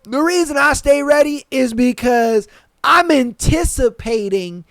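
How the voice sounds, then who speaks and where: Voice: high voice, a little slow, dry recording. A podcast host telling a story in casual, slangy, profane speech, repeating phrases for emphasis and acting out what people said. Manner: animated, profane, acts out quoted lines.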